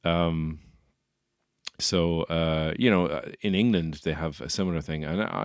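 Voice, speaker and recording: Brief: Dublin Irish comedian and podcast host, very low voice, dry and close, rambling and wry. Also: male voice, no room sound. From Ireland. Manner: rambling, wry, self-mocking. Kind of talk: comic podcast monologue.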